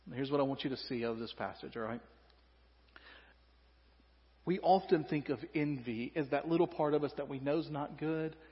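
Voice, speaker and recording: A male pastor preaching a sermon, animated, acting out quoted voices and joking with the congregation. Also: mid-range voice. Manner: animated, acts out quoted voices, humorous asides to the audience. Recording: dull recording with long hall reverb.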